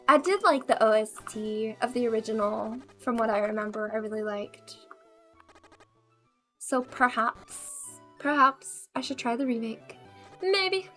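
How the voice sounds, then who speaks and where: A woman's voice: a little high, expressive, a little slow, a bit bright, soft background music. A bubbly woman streaming a game, chatting casually with viewers and laughing often. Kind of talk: casual gaming chat.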